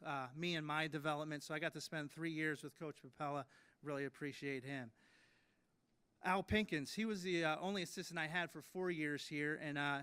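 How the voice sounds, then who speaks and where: A man's voice: on the high side, fairly bright tone, clean tone. A man in his late thirties giving an induction speech at a ceremony, telling stories in a self-deprecating way with many fillers and restarts. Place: ceremony hall.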